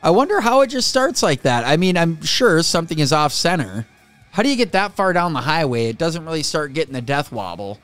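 A man's voice: fairly high pitch, sing-song, brisk, fairly bright tone, faint music behind. A man hosting a reaction video, chatting casually and chuckling at clips. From northern United States. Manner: chuckles often, chatty and amused.

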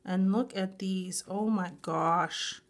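An excited woman unboxes nail polish supplies on camera, letting out one breathless exclamation after another. She talks slowly and draws out her words as she repeats her praise. Her voice sits at an ordinary middle pitch. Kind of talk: unboxing a grab bag, excited casual chat.

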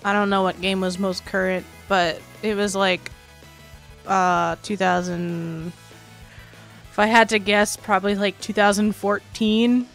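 Woman streamer, casual rambling chat, laughs a lot, mid pitch, soft background music. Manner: chatty, rambling, quick laughs, addresses chat.

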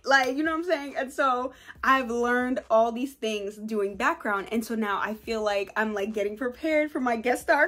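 Bubbly woman, high-pitched, casual vlogger chat. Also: fairly quick. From New York, USA. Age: 20s. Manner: bubbly, excitable, breaks into laughs and squeals.

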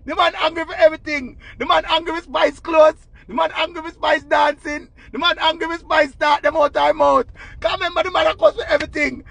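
Man, very high voice, gravelly, excitable storytelling, young adult. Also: brisk, no room sound. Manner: animated, excitable, dramatic retelling with shouts. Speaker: vlogger. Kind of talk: casual storytelling.

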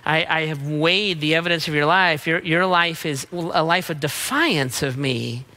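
A middle-aged man, a pastor, preaching an emphatic sermon with rapid-fire repeated refrains. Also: on the high side, bright, forceful tone.

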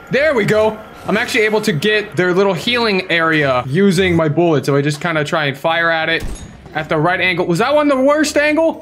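High-voiced excitable young gaming host. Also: male voice, slight background noise. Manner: excitable, playful, kid-friendly taunting of enemies. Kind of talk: Minecraft gameplay commentary.

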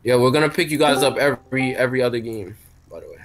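A man's voice: mid-range voice, quick pace. A man hosting a live game stream, chatting casually with viewers and teammates in slangy, laid-back talk. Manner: laid-back, slangy, repeats questions to chat. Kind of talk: casual chat while gaming.

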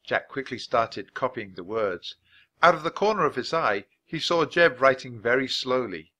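A man reading a children's chapter book aloud at a clear, natural pace for English learners. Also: medium pitch, animated, sharp tone. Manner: clear, unhurried storytelling. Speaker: audiobook narrator.

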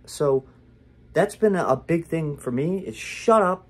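A man's voice: fairly high pitch, expressive, unhurried, breathy edge. A young man talking candidly to the camera in a casual vlog, rambling with lots of fillers and restarts. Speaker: vlogger.

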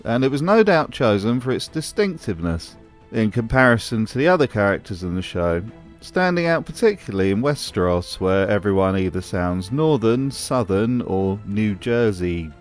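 A man's voice: lowish voice, very animated, normal speed, faint music behind. A man hosting a scripted commentary video, with a wry, sarcastic manner. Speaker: host.

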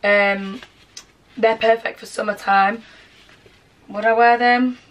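A young woman with a Yorkshire accent chatting excitedly to camera at home as she sorts her things. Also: fairly high pitch, slow, lo-fi sound, slight background noise. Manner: chatty and excitable, talks to camera while sorting. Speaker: vlogger. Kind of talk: casual vlog chat. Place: bedroom at home.

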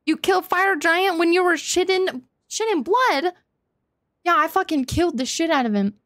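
A woman streaming a video game live, excitable and cursing freely, shouting in triumph and chatting to her viewers, a little out of breath. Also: extremely high pitch, moderate pace, no echo, studio quality. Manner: excitable, swears a lot, shouts and squeals in wins. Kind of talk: live gameplay commentary.

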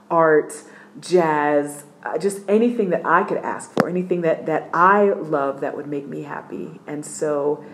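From her apartment, a middle-aged woman with a fairly low voice shares her testimony as a missionary. She's lively and emphatic, acting out every voice in the dialogue, and her energy swings up and down a lot.

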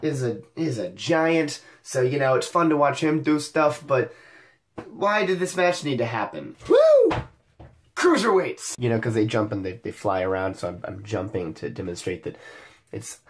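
A young man hosting a wrestling show recap, talking energetically with wisecracks and sudden excited outbursts. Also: mid-range voice, normal speed. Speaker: wrestling podcast host.

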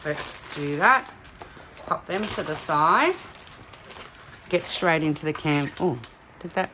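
A middle-aged woman from Australia chatting excitedly as she unboxes craft kits for her vlog. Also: low-pitched, slow pace, background noise. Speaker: craft vlogger. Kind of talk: casual unboxing chat.

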